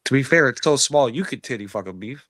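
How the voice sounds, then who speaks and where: A man's voice: mid-range voice, animated, fast talker, a bit bright, no echo. A man co-hosting a podcast, cracking crude jokes and laughing along in casual banter. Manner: joking, laughs at his own lines. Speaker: podcast co-host.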